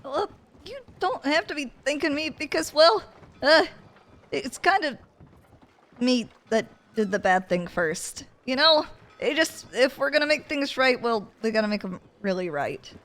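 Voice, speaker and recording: A woman's voice: sits high, expressive, a little slow, a bit bright, voice pushed up. A woman voicing an earnest, apologetic young frontier woman in a role-play game, using a folksy drawl.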